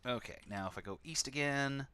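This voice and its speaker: A man's voice: medium pitch, a little fast, bright, forceful tone, smooth. A man casually commenting on a text adventure game he plays on stream, with sarcastic, wry asides.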